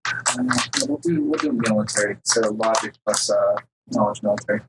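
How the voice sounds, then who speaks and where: A man's voice: on the low side, lively intonation, moderate pace, distant mic. Man running a tabletop game, noisy recording. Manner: hesitant, lots of fillers. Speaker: game master.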